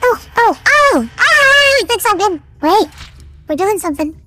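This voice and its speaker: A woman's voice: very high-pitched, sing-song, moderate pace, bright, forceful tone, faint music behind. A young woman playing a scary game on stream, reacting with sudden exclamations and swearing into a desk microphone. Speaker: gaming YouTuber. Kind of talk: casual game commentary.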